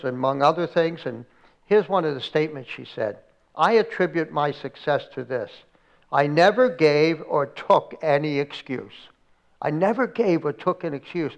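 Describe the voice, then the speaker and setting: A man's voice: a little high, gravelly, highs cut off. A middle-aged male pastor preaching a sermon, telling stories with dramatic acted-out quotes. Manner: dramatic storytelling, acting out quoted prayers with rising intensity. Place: church, recorded for an online service.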